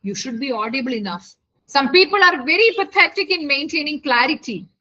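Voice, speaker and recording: Bright and forceful, her voice sits high and is expressive and fairly quick. She's an IELTS speaking tutor leading a live online class by video call in lo-fi audio, coaxing her students and continually checking whether they follow.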